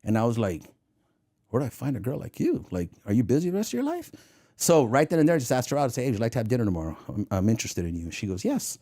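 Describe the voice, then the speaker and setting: A man, a former federal agent, telling casual stories in an interview and acting out the voices in his anecdotes, often laughing at his own jokes. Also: mid-range voice. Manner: animated storyteller who acts out the voices in his anecdotes.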